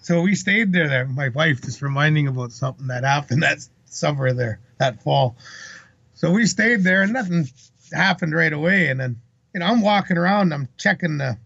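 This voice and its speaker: A man with a heavily gravelly, husky voice pitched a bit high tells a long campfire-style story in a loose, rambling, salty way. The sound is dry and close, but dull and lo-fi. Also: animated, moderate pace, a bit bright, dry recording. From British Columbia, Canada. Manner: rambling, salty anecdotal retelling. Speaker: interview guest. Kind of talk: casual storytelling. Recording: dull lo-fi recording.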